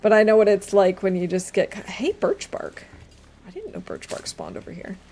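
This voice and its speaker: A young adult woman streamer chatting casually while playing a game, reading chat aloud and dropping quiet asides. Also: mid-range voice, very animated, moderate pace. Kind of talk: casual gameplay commentary.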